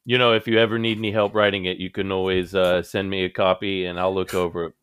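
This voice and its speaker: A man's voice: sits low, flat delivery, quick pace, a bit bright, smooth, no room sound. A man hosting a podcast, teasing and joking in casual banter with his guest. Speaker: podcast host.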